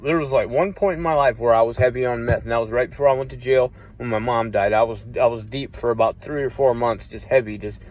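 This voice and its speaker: A man tells a personal story in an easygoing, unpolished way. He swears freely and circles back on himself, and his mid-range voice jumps up loudly whenever he acts out what someone said. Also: medium pitch, fairly even intonation, fast talker, few pauses. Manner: profane, rambling, acts out quoted voices loudly. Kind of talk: casual storytelling.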